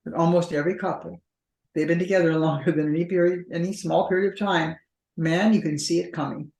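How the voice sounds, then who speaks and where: A woman couples therapist explains relationship patterns in a conversational interview, often voicing what partners say in quoted dialogue. Her lowish voice is steady and a little mellow, a bit fast, with roomy echo in the recording.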